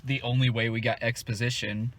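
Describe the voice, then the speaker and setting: A man's voice: mid-range voice, little pitch movement, brisk. A young man hosting a casual movie review chat, laughing often and swearing freely.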